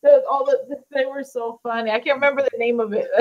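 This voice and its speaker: An American woman hosting an interview, chatty and quick to laugh, with lots of "you know". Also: high voice, steady tone, lo-fi sound. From United States. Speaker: interview host. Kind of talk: casual interview chat.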